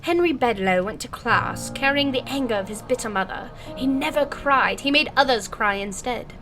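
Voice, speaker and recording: A woman's voice: on the high side, expressive, moderate pace, music in the background, close to an everyday voice. A woman reading a grim game note aloud as a solemn storyteller in a put-on British accent. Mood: grave.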